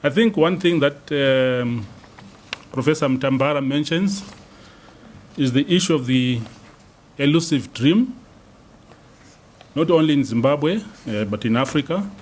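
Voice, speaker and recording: A man's voice: fairly high pitch, lively intonation, measured pace, long pauses, slight background noise. A man serving as acting dean, giving an unscripted response to a lecture and hesitating often with ums and uhs.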